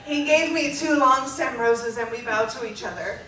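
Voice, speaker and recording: A young adult woman reads her teenage diary aloud on stage in front of a live audience, animated and emphatic and often breaking into laughter. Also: on the high side, normal speed. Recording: roomy live venue, distant mic, loud audience laughter. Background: loud crowd laughter and noise.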